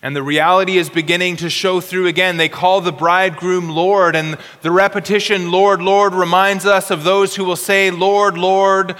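A man preaching an expository sermon in an earnest way, slowing down for emphasis and often repeating words. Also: high-pitched, flat delivery, sharp tone, long reverb tail.

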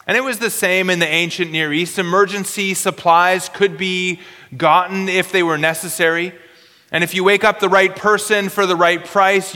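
A man preaching an expository sermon in an earnest way, slowing down for emphasis and often repeating words. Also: sits high, pushed and bright, big-room sound.

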